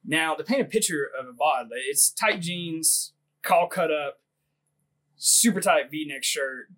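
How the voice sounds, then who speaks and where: A husky-voiced man in his thirties spins a crude, rambling story, pitched a bit higher than most men. He laughs often and fills every pause with "like" in loose podcast banter. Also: fairly bright tone. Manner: rambling, laughs a lot, heavy "like" filler. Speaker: podcast co-host.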